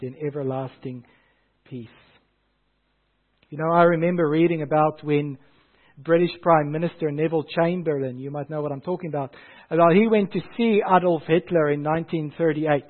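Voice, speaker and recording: Man, pastor, sermon, high voice, emphatic rhetorical questions, tinny phone-like sound.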